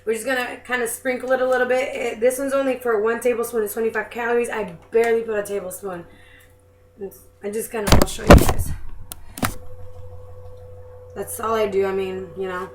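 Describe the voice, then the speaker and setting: A woman's voice: fairly high pitch, little pitch movement, quick pace. A young woman chatting casually as she preps food in her home kitchen, self-deprecating and apologetic as she goes. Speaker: home cook vlogger. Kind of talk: casual cooking demonstration. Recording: echoey kitchen with background noise.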